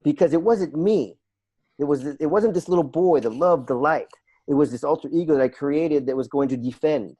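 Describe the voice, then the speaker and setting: Warm-voiced man telling a personal story. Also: a little high, normal speed. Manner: earnest, reflective, repeats phrases for emphasis. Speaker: podcast guest, life and business coach. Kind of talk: personal storytelling in a podcast interview.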